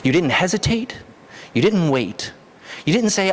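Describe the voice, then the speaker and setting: Animated preacher in a reverberant hall. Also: male voice, unhurried, a little hiss or hum. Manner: animated, rises sharply in pitch for emphasis. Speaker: pastor. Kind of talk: sermon. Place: church hall.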